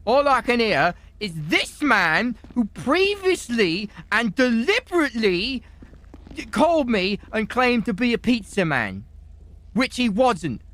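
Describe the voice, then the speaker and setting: A man role-playing a defendant giving rambling, excitable testimony in a game courtroom, with sudden shouted outbursts. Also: very high-pitched, takes it slowly. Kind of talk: in-character game role-play.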